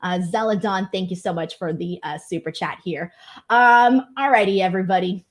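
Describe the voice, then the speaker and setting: A woman's voice: medium pitch, normal speed. A young woman hosting a casual livestream, reading viewer comments and telling funny stories in a chatty, self-mocking way. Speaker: wrestling show host reading super chats.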